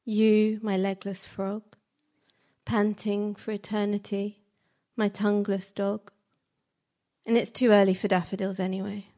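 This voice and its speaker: Slow, flat-voiced woman reciting poetry. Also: medium pitch. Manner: slow, measured, fragmented phrasing. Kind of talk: spoken word poetry recitation.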